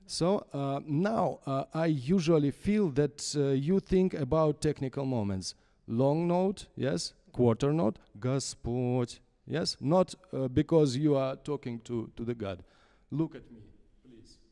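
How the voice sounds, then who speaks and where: Male conductor with a Russian accent coaching a singer, halting and unhurried, warm low tone, concert-hall reverb. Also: gravelly. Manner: halting English with many fillers. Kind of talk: opera masterclass coaching.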